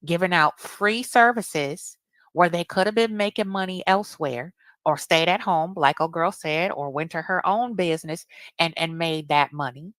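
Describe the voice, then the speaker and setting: A woman's voice: lowish voice, normal speed, fairly bright tone, no room sound. A woman delivering a blunt, indignant commentary rant, often repeating herself. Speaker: commentary streamer. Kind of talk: reaction rant.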